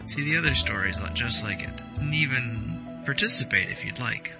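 A man's voice: mid-range voice, animated, normal speed, highs cut off, loud music behind the voice. A man reading his own short story aloud with dry, wry storytelling. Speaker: story contributor.

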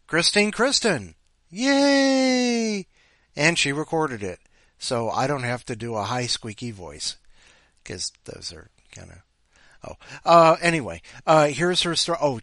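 Rambling, lively podcast host man. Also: medium pitch, no echo, studio quality. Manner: rambling, playful, talks to his cat. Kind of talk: casual chat.

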